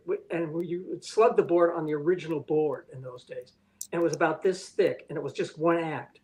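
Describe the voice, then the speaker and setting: A slightly high, darkish-toned male voice comes through a rough recording. He's an older animation director giving an interview, telling unvarnished stories with bluntness and profanity and acting out what others said.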